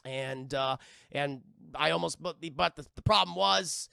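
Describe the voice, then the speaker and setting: A man recapping a cartoon episode for a live-stream chat, talking in an energetic, profane, and animated way. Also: fairly high pitch, unhurried, gravelly, clean tone, no echo, clean studio sound. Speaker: livestream cartoon reviewer.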